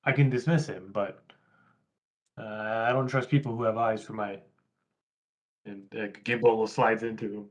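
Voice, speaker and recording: A man's voice: fairly low pitch, steady tone, moderate pace, long pauses. A man playing a tabletop game, laid-back, giving short replies and describing what his character does. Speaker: player. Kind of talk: casual in-character play.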